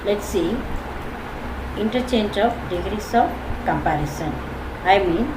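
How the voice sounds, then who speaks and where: A woman's voice: mid-range voice, background noise. A woman teacher with an Indian English accent explaining grammar rules to a class, spelling out word endings letter by letter and checking whether students follow. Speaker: school teacher.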